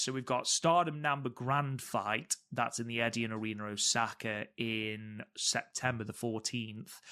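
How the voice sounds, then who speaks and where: A man's voice: on the low side, pushed and bright. A man co-hosting a podcast, reviewing wrestling matches in casual chat and stressing points by repeating words. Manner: enthusiastic, repeats words for emphasis. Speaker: podcast co-host.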